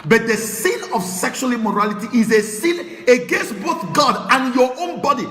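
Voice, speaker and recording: A Nigerian man preaches with fire, lurching from shouted declarations to low, hushed warnings. His voice is high and bright and leaps all over its range. The sermon rings through a large hall with long reverb. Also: animated, normal speed, soft background music. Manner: fiery, swings between shouting and hushed tones.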